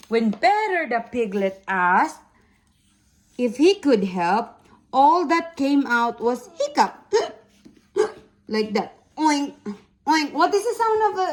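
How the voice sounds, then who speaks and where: A mother reading a picture book aloud to her toddler, playful and repetitive, often stopping to ask the child about animal sounds. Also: sits high.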